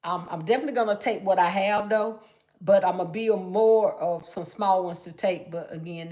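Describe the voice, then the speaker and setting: A woman's voice: mid-range voice, fairly quick. A middle-aged woman hosting a casual livestream, chatting in a folksy, talkative way and calling her viewers y'all. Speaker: livestream host, gift-wrapping crafter.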